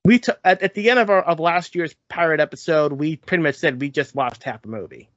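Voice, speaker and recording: A man's voice: on the high side, fairly quick, fairly bright tone, no echo, dull audio. A man co-hosting a podcast in casual chat, candid and laughing often. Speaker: podcast co-host.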